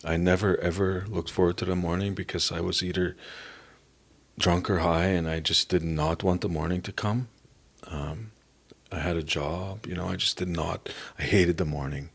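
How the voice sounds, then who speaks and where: A middle-aged man from Canada giving an earnest, halting personal testimony as a podcast guest. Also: deep voice, steady tone, creaky, breathy edge. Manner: earnest, halting, emotional at times.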